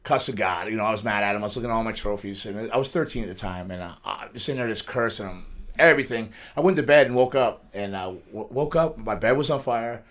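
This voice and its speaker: Middle-aged man, rapid speech, rambling storyteller, laughs often, studio interview. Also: fairly low pitch, fairly bright tone. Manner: rambling, laughs through his stories. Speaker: wrestler guest.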